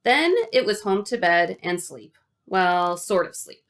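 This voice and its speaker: A woman reading a children's novel aloud in an animated, expressive way. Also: fairly low pitch, measured pace. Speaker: audiobook reader.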